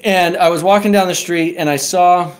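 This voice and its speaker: A high-pitched man speaks smoothly at a moderate pace with a steady tone. He's a podcast guest earnestly sharing a personal story in a casual, conversational way, often tagging his points with "right?" to check in.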